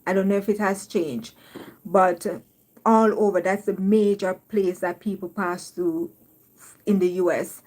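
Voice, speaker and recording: A woman's voice: medium pitch, steady tone, measured pace, darkish tone. A woman from Jamaica with a Jamaican accent, hosting a casual live stream, reading viewer comments aloud and laughing often.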